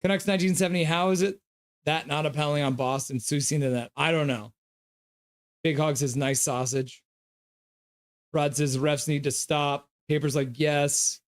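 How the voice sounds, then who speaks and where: A man's voice: a little high, steady tone, normal speed. A man hosting a live stream. He reads viewer comments aloud, gives loose play-by-play, and coos at his dog. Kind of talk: casual live game reaction and chat reading.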